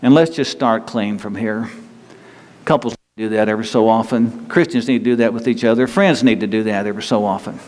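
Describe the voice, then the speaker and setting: Folksy preacher in a reverberant hall. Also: male voice, fairly low pitch, fairly quick, darkish tone. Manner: folksy, conversational preaching with acted-out quotes. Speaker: pastor. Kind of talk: sermon. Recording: long hall reverb, faint ambient noise.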